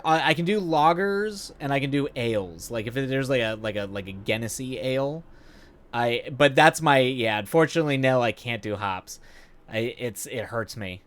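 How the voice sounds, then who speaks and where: A man's voice: medium pitch, a bit bright. Rambling man chatting on a game stream. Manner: rambling and self-deprecating, many fillers, hums idly. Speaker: livestream gamer. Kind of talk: casual chat with viewers while gaming. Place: at home at night.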